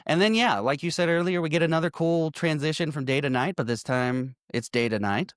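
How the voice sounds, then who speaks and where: Animated profane man recapping a film. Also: fairly high pitch, fairly quick, smooth, no echo, clean studio sound. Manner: animated, profane, laughs often. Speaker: podcast co-host. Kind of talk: casual movie recap chat.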